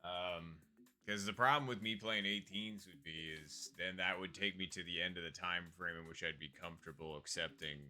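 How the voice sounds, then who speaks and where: Man, low voice, bright edge, relaxed game-stream commentary, quiet music behind. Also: moderate pace. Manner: relaxed, muttering asides to chat. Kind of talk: casual gameplay commentary.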